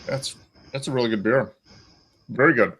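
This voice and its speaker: A man's voice: medium pitch, moderate pace, fairly bright tone. A man hosting a casual beer-tasting chat, describing flavors with enthusiasm. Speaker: beer show host.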